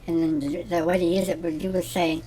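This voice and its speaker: A man's voice: fairly high pitch, level tone, fairly quick, dark tone, lightly acted. Janis Simpleton, a ditzy rambling lady, as a man plays her. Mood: airy rambling. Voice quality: rambling, scatterbrained, giggly. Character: ditzy, self-absorbed middle-aged woman teacher. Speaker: comedy character host. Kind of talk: scripted character comedy monologue.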